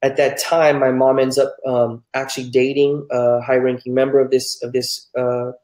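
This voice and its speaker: A man's voice: medium pitch, flat delivery, moderate pace, darkish tone, reverberant, low-quality recording. A man from New Mexico, a pastor telling his life story candidly and earnestly in an interview. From New Mexico, United States.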